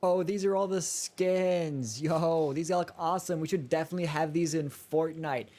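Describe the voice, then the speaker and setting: A man's voice: on the high side, moderate pace, close to an everyday voice. A man putting on a goofy hyped gamer accent. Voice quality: put-on accent. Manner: excited, hype-driven, absurd deadpan jokes. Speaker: video creator. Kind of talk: joke video voice-over.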